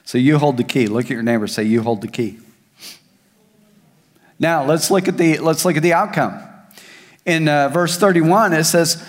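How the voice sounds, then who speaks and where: A male pastor preaching a sermon, swinging between raised emphasis and soft, hushed asides. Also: on the high side, expressive, normal speed. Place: large church hall. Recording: long hall reverb.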